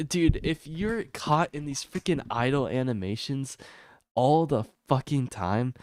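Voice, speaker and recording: A man streaming an unscripted rant about a video game, exasperated and swearing often, his voice climbing high whenever he gets heated. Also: darkish tone, no echo, studio quality. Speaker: gaming streamer. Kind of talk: unscripted ranting stream commentary.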